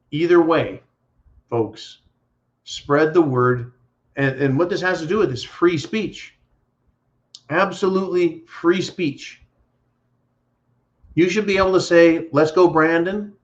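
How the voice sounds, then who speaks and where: A man's voice: on the high side, a bit bright. A man hosting a live stream, ranting bluntly and profanely while reading viewer messages. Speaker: livestream host. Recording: dull lo-fi stream audio.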